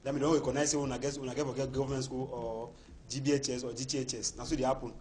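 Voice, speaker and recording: A man's voice: medium pitch, flat delivery, rapid-fire, a little mellow. Emphatic Cameroonian Pidgin-speaking man. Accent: Cameroonian Pidgin English. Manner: emphatic, repeats words while building points. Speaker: debate panelist. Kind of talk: heated studio debate.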